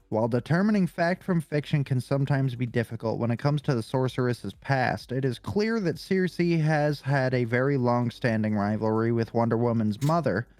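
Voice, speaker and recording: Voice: mid-range voice, darkish tone, no echo. A podcast co-host reading a comic-book character profile aloud, casual and swearing, stumbling over hard names.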